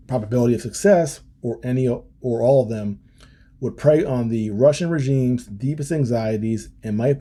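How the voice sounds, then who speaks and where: A man's voice: mid-range voice, dark tone, slightly rough. A man hosting a political podcast, reading from a policy paper and commenting on it in a casual way, with many ums and restarts. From United States. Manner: casual, frequent ums and restarts, wry asides. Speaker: podcast host.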